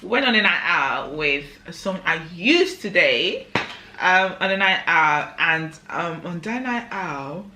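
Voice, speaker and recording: A tipsy young woman co-hosting a casual drinking chat, telling stories in an animated way with laughs. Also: fairly low pitch, slow pace. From Africa. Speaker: co-host. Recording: echoey room, noisy.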